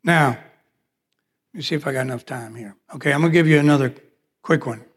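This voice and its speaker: A man's voice: medium pitch, quick pace, breathy edge. A pastor preaching a sermon, telling a personal testimony and acting out the dialogue in his stories. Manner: storytelling, acts out quoted dialogue. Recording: long reverb of a large hall.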